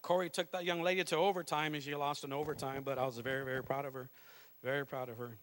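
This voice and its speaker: A middle-aged pastor preaching a fervent sermon, mixing calls to worship with a conversational family story. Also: male voice, on the high side, flat delivery, fast, a bit bright. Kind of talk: Pentecostal sermon.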